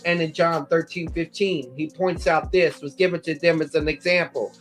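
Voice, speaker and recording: A man's voice: on the high side, steady tone, normal speed, soft background music. A man lecturing on scripture, working methodically through passages and citing chapter and verse as he explains them. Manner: methodical, cites verse numbers, quotes passages aloud. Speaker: Bible teacher.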